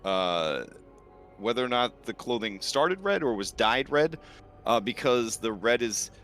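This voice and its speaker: A man acting as game master, narrating a tabletop game in a relaxed way with many fillers. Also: medium pitch, a little slow, faint music behind.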